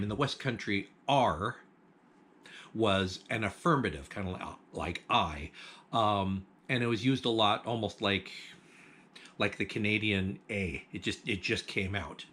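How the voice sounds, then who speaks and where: Male host, lowish voice, casual explainer with ums and chuckles. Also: pushed and bright, slight background noise. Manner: chatty, with frequent ums, restarts and chuckles. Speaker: host of a food history channel.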